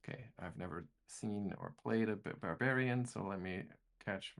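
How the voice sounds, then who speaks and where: A man with a low, gravelly voice runs a tabletop game as game master. He narrates turns casually and thinks aloud with restarts. His voice has a steady crackle of vocal fry. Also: moderate pace.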